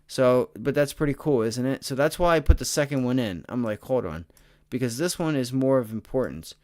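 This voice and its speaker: A tired, excitable man hosting a livestream, talking casually through stock charts and addressing his chat. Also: medium pitch, fairly quick. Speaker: stock trading livestream host. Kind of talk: casual live chart commentary.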